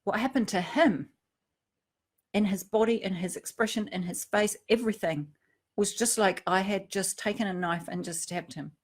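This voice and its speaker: A middle-aged woman giving a reflective personal talk, earnest, dropping to a hush and then rising to emphasis. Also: medium pitch, moderate pace. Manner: earnest, swings from hushed to emphatic. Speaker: speaker on emotional triggers.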